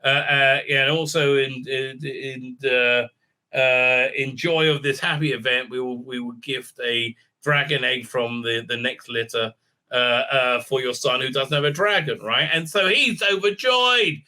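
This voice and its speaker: A middle-aged man recapping a TV episode in a rambling, casual monologue, full of filler sounds and restarts, dropping low then jumping up excitedly. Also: unhurried. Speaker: TV show reviewer.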